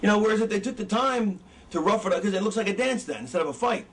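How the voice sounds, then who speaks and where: A man with a high voice gives a loose, swearing talk to students and keeps losing his thread. He sounds set back from the mic. A faint wash of noise sits under him. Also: lively intonation, fast talker, fairly bright tone. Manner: rambling, loses his train of thought, swears a lot. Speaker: wrestling trainer. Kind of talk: casual profane lecture. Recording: distant mic with background noise.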